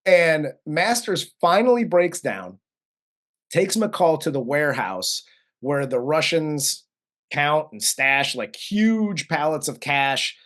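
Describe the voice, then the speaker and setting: A man co-hosting a movie review, casually recapping the plot, relaxed and profane with frequent laughs. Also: a little high, slow. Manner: laid-back, profane, laughs often. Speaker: co-host of a movie review show.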